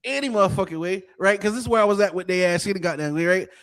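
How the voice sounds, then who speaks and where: A man from Florida with a notably high voice spins a story on a casual podcast. He swears constantly and keeps the telling animated, checking in with his listeners over and over. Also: very fast. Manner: profane and animated, repeating "you know what I'm saying". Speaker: podcast co-host.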